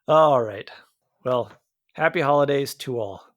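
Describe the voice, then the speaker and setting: A man's voice: medium pitch, unhurried, a bit bright, dry recording, clean studio sound. A man from Iowa co-hosting a podcast, chatting casually about a movie with many fillers and restarts. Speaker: podcast co-host.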